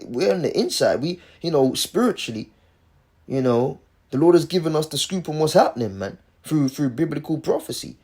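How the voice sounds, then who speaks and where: A man's voice: on the high side, a little mellow. A man in casual religious commentary who preaches emphatically, repeats himself and keeps saying "man".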